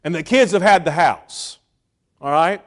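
Animated high-voiced male preacher. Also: unhurried. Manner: animated storytelling preacher, swinging between loud bursts and hushed asides. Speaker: pastor. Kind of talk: sermon.

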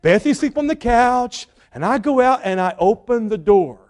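A middle-aged man preaching, telling a lively family story and shouting the quoted lines. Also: very high-pitched, moderate pace. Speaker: pastor. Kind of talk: sermon storytelling.

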